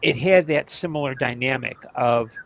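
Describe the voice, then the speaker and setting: A man's voice: medium pitch, normal speed, gravelly, fairly bright tone, rough recording. A man co-hosting a podcast in casual chat about old TV shows, rambling with many restarts and asides. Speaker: podcast co-host.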